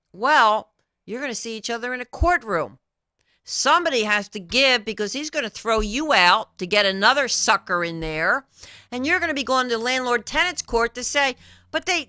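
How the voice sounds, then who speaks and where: A woman's voice: fairly high pitch, pushed and bright, no echo, studio quality. A woman hosting a talk show, addressing viewers directly in an emphatic, repetitive way as a credit consultant.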